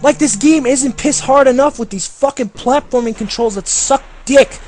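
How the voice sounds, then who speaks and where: A man's voice: very high-pitched, moderate pace, darkish tone. A man ranting sarcastically over gameplay as a game reviewer, swearing constantly and sounding fed up. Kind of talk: profane gameplay commentary rant.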